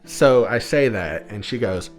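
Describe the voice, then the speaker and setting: Deep-voiced guy ranting a crude funny storytime, lots of swearing, soft guitar music under it. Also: animated, unhurried. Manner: crude, profane, sardonic. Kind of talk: comedic storytime monologue.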